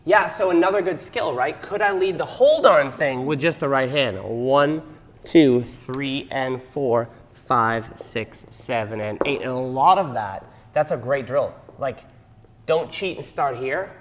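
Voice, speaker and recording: A man's voice: medium pitch, animated, unhurried, slight background noise. Man counting beats in a reverberant hall. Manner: explanatory, counts beats aloud. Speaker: dance instructor. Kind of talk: teaching a dance class. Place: dance studio.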